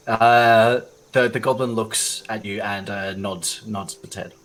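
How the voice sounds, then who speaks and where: A man's voice: on the low side, fairly even intonation, takes it slowly, a bit bright, a little hiss or hum, rough recording. A man narrating a tabletop game as dungeon master, hesitant and often laughing. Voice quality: hesitant, full of ums and laughs.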